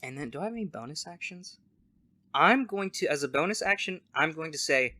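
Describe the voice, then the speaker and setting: A man's voice: a little high, expressive, fast, pushed and bright, no room sound. A young man playing a tabletop game in casual, joking banter full of swearing. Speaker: player.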